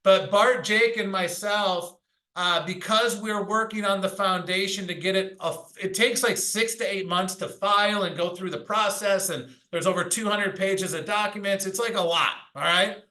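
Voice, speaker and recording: High, bright-voiced man giving a pep talk. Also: normal speed, poor audio. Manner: energetic, pushy, repeats "all right?"; mild swearing, tells anecdotes. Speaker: team leader at a sales training call. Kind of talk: motivational sales pep talk.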